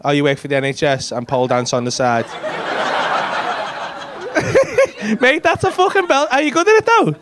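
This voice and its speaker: High-voiced, sweary comic. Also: male voice, wildly swooping pitch, measured pace, pauses often. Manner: loud, sweary, laughing banter with the front row. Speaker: stand-up comedian. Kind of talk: crowd work. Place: comedy club stage. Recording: live club recording with crowd noise. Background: laughing audience.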